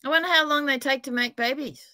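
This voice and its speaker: A woman's voice: high-pitched, a loud crowd. A woman from Australia, co-hosting a casual chat and asking curious questions. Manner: slow, curious, asks questions. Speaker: co-host.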